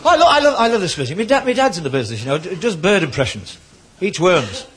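A man telling jokes on stage in a stand-up routine, with quick punchlines and acted voices. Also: a little high, big pitch swings. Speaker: comedian. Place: comedy club stage before a live audience. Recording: live club recording, noisy crowd laughter.

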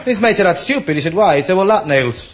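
A man's voice: high voice, expressive, fast. A man telling a short joke as a stand-up comedian, punchily voicing both characters. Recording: loud live club tape, heavy crowd noise. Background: roaring audience.

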